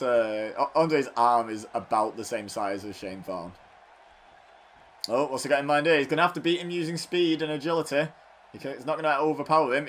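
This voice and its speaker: A man's voice: mid-range voice, fairly bright tone, slight background noise. A man doing casual, self-mocking commentary over a wrestling video game, joking as he calls the action. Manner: chatty and self-mocking, riffing between play-by-play calls. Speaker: gaming channel host.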